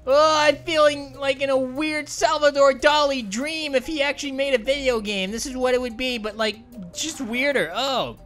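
Giggly high-voiced woman playing a game. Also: normal speed, faint music behind. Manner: excitable, giggly, apologetic to game characters. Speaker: gaming channel host. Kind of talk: let's play commentary.

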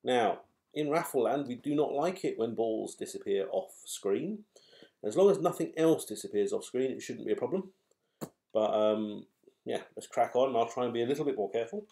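A man hosting a live raffle draw, calling out numbers and names in a chatty, wry, unhurried way. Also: mid-range voice, lively intonation, creaky, warm tone. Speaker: raffle host drawing numbered balls.

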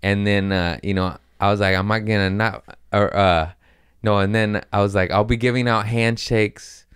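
A man's voice: fairly low pitch, fairly even intonation, moderate pace, fairly bright tone, smooth, no echo, studio quality. A man, a comedian, telling a casual, profane story, laughing often and acting out his own quotes.

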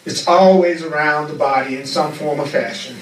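A man's voice: fairly high pitch, normal speed, slight background noise. Fervent male teacher in a roomy echo. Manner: fervent, repetitive preaching cadence. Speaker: spiritual teacher. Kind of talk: teaching class. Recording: roomy echo, far from the mic.

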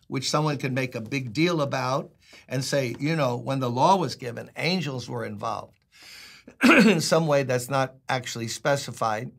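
A man's voice: a little high, fairly bright tone. An older man with a New York accent, a pastor giving a chatty, emphatic Bible teaching with jokes along the way. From Brooklyn, New York.

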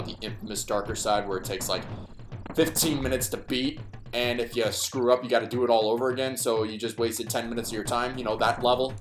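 Male let's-play host, lowish voice, rambling and self-mocking, echoey room. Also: a bit bright, slight background noise. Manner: rambling, self-deprecating, thinks aloud while playing. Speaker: gameplay commentator. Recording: echoey room with game music.

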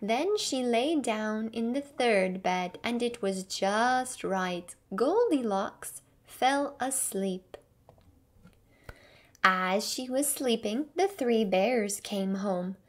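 A woman reading a fairy tale aloud slowly and carefully for English learners. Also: a little high, expressive. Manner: clear, careful storybook reading. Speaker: English teacher reading a story.

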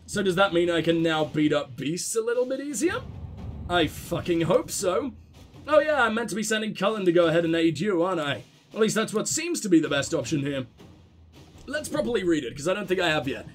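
A man's voice: sits high, animated, fairly quick. A man commentating his own gameplay, flustered and swearing casually as he struggles. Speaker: gaming channel host.

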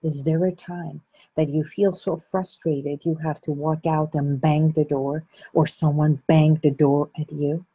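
A woman hosting a reflective self-help talk, speaking slowly and gently with soft pauses. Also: sits low, flat delivery, slightly rough, dull audio. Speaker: host.

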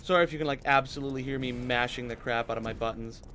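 A man's voice: medium pitch, steady tone, rapid-fire, pushed and bright, faint music behind. A man playing a survival horror game, pleading and swearing as he commentates. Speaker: gaming YouTuber. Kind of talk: let's play commentary.

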